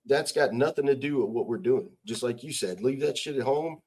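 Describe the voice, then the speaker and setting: A husky, slightly mellow mid-range voice, a little fast, belongs to a middle-aged American retired army sergeant major. As a casual interview guest he talks bluntly with heavy swearing and presses his points with rhetorical questions.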